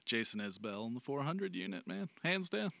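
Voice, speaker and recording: A man's voice: medium pitch, sing-song, creaky, sharp tone. A man who is a pastor, talking earnestly in a casual podcast interview and often restarting his sentences. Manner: halting, many restarts, earnest. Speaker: pastor guest.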